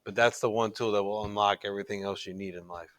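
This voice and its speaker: A man's voice: on the low side, steady tone, fast, a bit bright, a little hiss or hum. A middle-aged man teaching a recorded religion class in an earnest, conversational way, often restarting his sentences.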